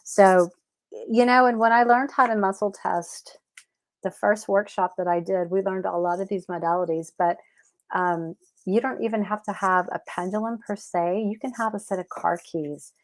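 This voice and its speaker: A chatty woman hosts a live question-and-answer show in a loose, rambling way, stopping to correct herself mid-sentence. Her voice sits at a middle pitch for a woman. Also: steady tone, moderate pace. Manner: rises into high baby talk with her cat. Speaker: host of a cat health show. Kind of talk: casual live Q&A chat.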